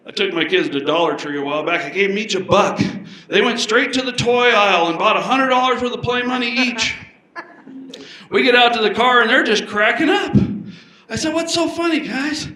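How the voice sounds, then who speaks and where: A man performs stand-up comedy with a high, bright voice and punchy storytelling. He switches voices quickly for the characters in his stories. The sound bounces around an echoey live room. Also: animated.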